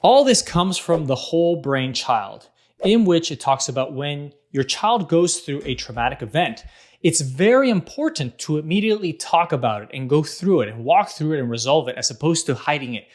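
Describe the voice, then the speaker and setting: Earnest man with a higher voice. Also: animated, moderate pace. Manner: earnest, anecdotal storytelling. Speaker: parenting vlog host. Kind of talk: casual vlog monologue.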